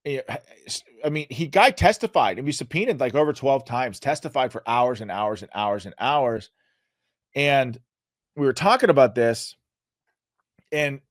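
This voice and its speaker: A male show host giving an emphatic, earnest political commentary monologue, his voice going hoarse. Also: mid-range voice, no echo, clean studio sound. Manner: emphatic, earnest, rising to loud peaks. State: losing his voice.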